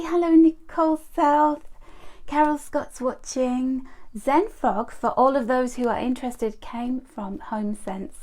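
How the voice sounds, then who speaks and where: A woman's voice: a little high, warm tone. A woman, reading oracle cards on a live stream and chatting as she greets viewers by name. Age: 50s. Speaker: card reader.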